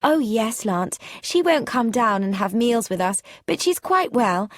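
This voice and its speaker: A woman voicing an eager, affectionate young woman who speaks warmly. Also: a little high, big pitch swings, unhurried, no echo, clean studio sound, voice pushed up, full character voice.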